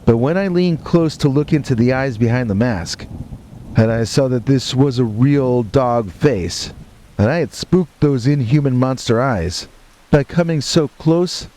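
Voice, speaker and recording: Mellow-voiced man narrating a horror story. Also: mid-range voice, a little slow, a little hiss or hum.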